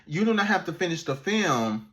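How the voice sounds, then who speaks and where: A man, an animator, telling a story in a casual, animated vlog, laughing and swearing as he goes. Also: high voice, moderate pace.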